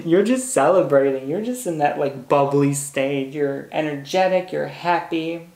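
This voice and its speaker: A man's voice: a little high, vocal fry, echoey room. A man giving a pick-a-card tarot reading, bubbly and hyper, gushing and repeating words. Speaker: tarot reader.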